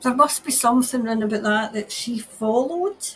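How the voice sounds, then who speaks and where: A woman tarot reader doing a psychic reading on a livestream. She talks in an emotional, halting way and sometimes drops to a whisper. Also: fairly high pitch, lively intonation, slight background noise, poor audio.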